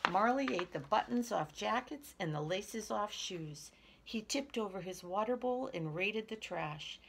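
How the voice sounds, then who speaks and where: Lady reading a kids story out loud, lively and animated. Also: mid-range voice, unhurried, gravelly, slight background noise. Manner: lively, expressive, speaks to children. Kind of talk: children's picture book read-aloud.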